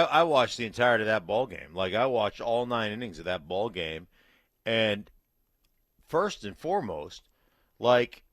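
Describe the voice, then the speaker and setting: A man's voice: medium pitch, a bit bright, no echo, studio quality. A man co-hosting sports radio, telling a ballgame story in a casual, rambling way. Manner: rambling storyteller, many fillers, "like" and restarts.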